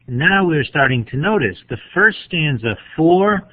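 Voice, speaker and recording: Tinny-sounding New lecturer. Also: male voice, on the high side, very animated. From New England. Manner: measured, explanatory, pauses to think. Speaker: literature teacher. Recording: tinny phone-like lo-fi recording.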